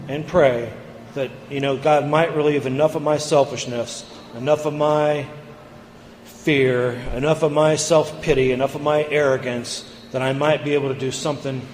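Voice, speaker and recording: A man giving an earnest personal recovery share at a meeting, halting and repeating words as he goes. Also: medium pitch, a little mellow, a little hiss or hum. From United States. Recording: echoey hall, long reverb.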